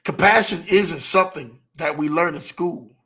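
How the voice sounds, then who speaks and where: A man hosting a motivational talk show, repeating his key points and slowing down to stress them. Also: on the high side, fairly bright tone. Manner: preachy, repeats key lines, slows for emphasis.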